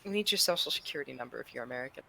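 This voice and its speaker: A woman's voice: extremely low pitch, animated, rapid-fire, gravelly, crowd noise. A woman chatting playfully on a gaming stream, fond of toying with accents. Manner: playful, keeps slipping into silly accents. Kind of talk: casual chat on a gaming stream.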